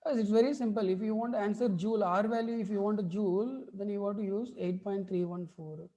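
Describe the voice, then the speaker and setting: A woman's voice: mid-range voice, fairly even intonation, brisk, mellow. A woman with an Indian English accent teaching a chemistry class online, repeating points and often checking whether students follow. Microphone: video call mic.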